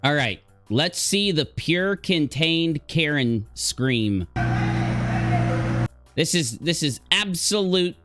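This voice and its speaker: A man live-streaming reactions to clips, excitable and quick to exclaim and laugh. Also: a little high, music in the background. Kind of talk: casual reaction commentary.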